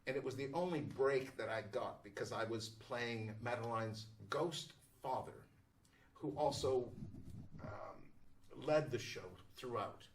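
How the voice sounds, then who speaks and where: A man who acts on stage tells an unhurried, descriptive backstage anecdote, pausing now and then. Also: medium pitch, a little hiss or hum. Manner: unhurried, descriptive, with pauses and fillers. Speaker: stage actor. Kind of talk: anecdotal storytelling. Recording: voice distant from the mic.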